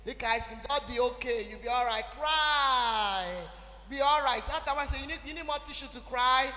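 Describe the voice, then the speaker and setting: High, bright-voiced Nigerian woman preacher. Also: normal speed. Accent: Nigerian English. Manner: animated, emphatic, exhorting the audience. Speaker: church speaker. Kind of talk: teaching talk at a church event. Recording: echoey hall with faint music.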